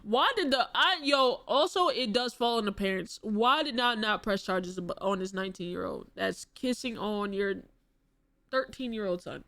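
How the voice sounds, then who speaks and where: Animated swearing woman streamer. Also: medium pitch, normal speed. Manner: animated, exclaiming, swearing, rhetorical questions. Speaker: streamer reacting to a video. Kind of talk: casual live-stream reaction.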